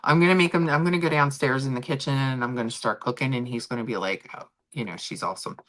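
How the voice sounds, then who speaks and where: A woman's voice: very deep voice, fast. A middle-aged woman hosting a casual livestream chat with viewers, rambling and talking freely. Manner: chatty, animated, rambling with restarts. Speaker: livestream host.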